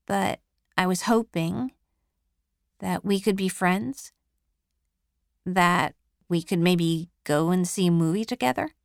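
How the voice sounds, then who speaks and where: Remorseful teen boy, soft hesitant apologies, read by a woman in her narrating voice. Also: lowish voice, takes it slowly, gravelly, long pauses, dry recording, studio quality. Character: remorseful teenage boy, quiet and earnest.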